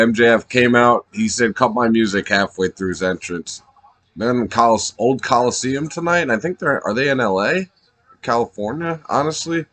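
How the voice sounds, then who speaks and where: A man with a fairly low voice rambles through excited commentary, swearing freely and laughing as he goes. He sounds a little high, restarting his thoughts often. The sound is dry and close. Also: no echo. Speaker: wrestling fan vlogger.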